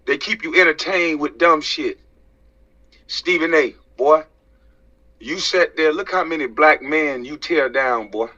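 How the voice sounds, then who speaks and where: A man's voice: fairly high pitch, measured pace, sharp tone. Man in a tense, profane rant. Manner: profane, preachy, fires rhetorical questions. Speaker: social media commentator. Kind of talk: heated rant to camera. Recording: dull lo-fi sound.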